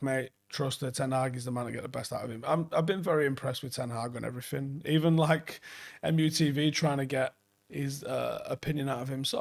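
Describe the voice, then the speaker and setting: A man in his forties talks through a late-night football live stream, rambling from one viewer comment to the next. He swears often and sounds enthusiastic. His voice is gravelly and sits at a middling pitch.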